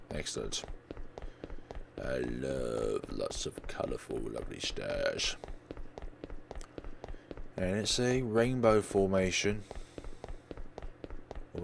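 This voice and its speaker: Low, gravelly man musing over a game. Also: lively intonation, takes it slowly, pauses often, a little hiss or hum. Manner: musing, reads dialogue aloud. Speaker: let's play host. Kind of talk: game commentary.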